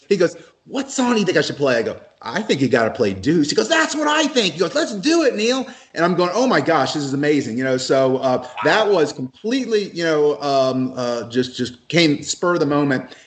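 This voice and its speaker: A man guests on a podcast over a remote line, telling his story in a halting way, full of ums, false starts and repeats. His voice sits a little high. He talks casually, like he's chatting with friends. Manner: halting, many ums and restarts. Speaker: event organizer, guest.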